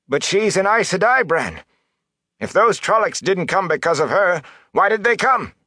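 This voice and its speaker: A man's voice: high-pitched, very animated, moderate pace, sharp tone, no echo, clean studio sound, pitched above the performer's own voice, exaggerated voice. A man voicing an agitated male villager who pleads and then shrills in alarm. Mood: alarmed pleading.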